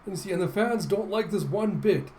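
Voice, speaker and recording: A man hosting a casual comic readthrough, excitable and enthusiastic, laughing often. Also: sits high, brisk, slight background noise, low-quality recording. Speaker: host.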